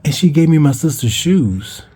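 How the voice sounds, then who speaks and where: A vlogger with a dark, slightly rough voice tells a childhood story in a casual, animated way at normal speed. He rambles, restarts, and curses, and raises his pitch when acting out quoted voices.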